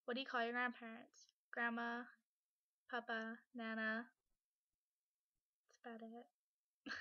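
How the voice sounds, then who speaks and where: A woman's voice: fairly high pitch, pushed and bright, no room sound, lo-fi sound. A young Canadian woman from British Columbia doing a casual accent challenge on a home webcam, reading word lists and a book passage. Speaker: vlogger.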